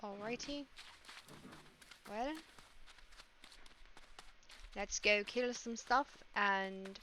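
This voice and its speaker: A woman's voice: mid-range voice, extremely slow, pushed and bright, a little hiss or hum, poor audio. A woman streaming a game live, thinking aloud and reading out the game's text as she plays. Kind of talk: casual live-stream commentary while playing.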